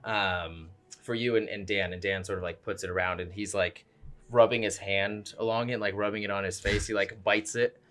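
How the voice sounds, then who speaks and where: A young man runs a tabletop game, rambling along with plenty of fillers. His voice is low-set yet bright and forceful, heard through a home mic on a voice call. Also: fairly even intonation, moderate pace. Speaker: game master.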